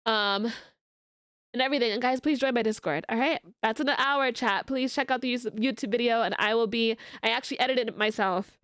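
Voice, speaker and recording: Chatting loosely with her audience, this woman streamer rambles, fills pauses, and keeps restarting her thoughts. She speaks briskly in a slightly high, fairly bright voice that sounds clear and resonant. The recording is studio quality with no room sound.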